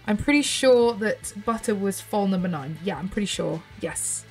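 Lively intonation marks this medium-pitched female voice, which keeps a moderate pace with faint music in the background. The speaker is a British gaming channel host, aged 30, casually commenting on gameplay. She's bubbly, musing aloud with little gasps and squeals.

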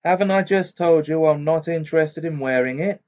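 A man's voice: a little high, unhurried, darkish tone, voice pushed up. A man reading the lines of a fierce, urgent teenage boy wizard in an amateur audiobook. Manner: fierce, pressing delivery. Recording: dull lo-fi recording.

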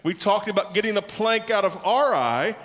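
A man's voice: sits high, expressive, normal speed, a bit bright. A man preaching a sermon as pastor, emphatic, repeating key words and asking the congregation questions. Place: church sanctuary. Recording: church hall reverb.

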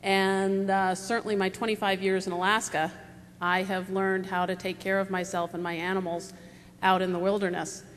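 A woman's voice: mid-range voice, flat delivery, normal speed. Woman in her 40s rambling thru a story on a panel, lots of ums, big echoey hall, bit of hiss. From United States. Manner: rambling, conversational storytelling with fillers. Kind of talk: live panel talk. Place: large auditorium stage. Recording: long hall reverb, faint noise.

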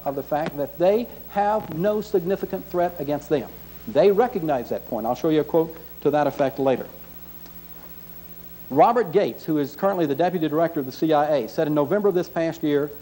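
A middle-aged man giving an earnest, emphatic presentation, often pausing on uh and restarting his sentences. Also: on the high side, dark tone, poor audio. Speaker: lecturer.

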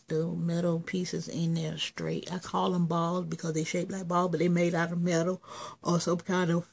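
A woman's voice: fairly low pitch, vocal fry, darkish tone, slightly rough. A woman giving a casual vlog update, rambling and plainspoken, with a sore throat. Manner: rambling, plainspoken, explains step by step. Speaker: vlogger.

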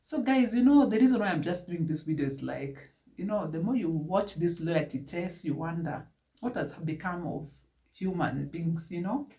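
Animated Kenyan man, roomy distant sound. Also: fairly high pitch, normal speed. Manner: animated retelling with Swahili asides. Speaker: vlogger. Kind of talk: casual storytelling vlog. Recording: echoey room from a distance.

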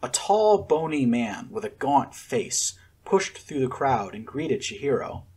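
A man narrating a fan-fiction story as an expressive audiobook reader. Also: mid-range voice, a little slow, husky.

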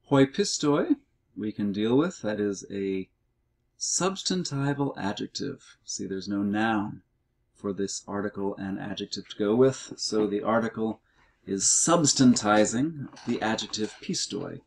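A middle-aged man explaining grammar in a recorded language lesson walkthrough, reading words out slowly and methodically. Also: lowish voice, vocal fry. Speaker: Greek teacher.

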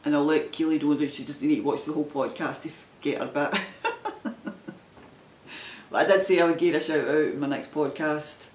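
Man, broad Glaswegian accent, knitting podcast host, casual rambling chat, slightly high voice, roomy echo. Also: a little hiss or hum. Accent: Glaswegian Scottish. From Scotland. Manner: rambling and chatty, with frequent restarts.

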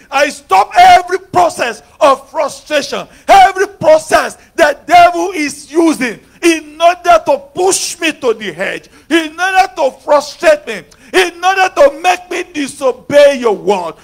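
A man preaching a sermon who moves between hushed talk and shouted, repetitive prayer declarations. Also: extremely high pitch.

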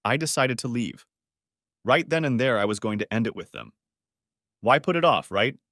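A man's voice: mid-range voice, animated, normal speed, a bit bright, dry recording, clean studio sound, natural voice. A man voicing a betrayed husband who speaks in a weary, bitter and self-mocking way in an audiobook. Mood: bitter recounting. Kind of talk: audiobook character voice.

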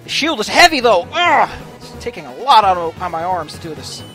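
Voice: mid-range voice, very animated, fairly quick, fairly bright tone. A let's play host giving playful gameplay commentary and reading game lines aloud in silly voices, with faint game music behind.

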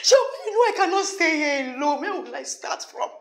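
This Nollywood scene features a Nigerian-accented actress with a high, expressive voice, speaking briskly in a roomy-sounding space. Her character, full of remorse, begs friends to forgive her, alternating between desperate pleas and frantic laughing.

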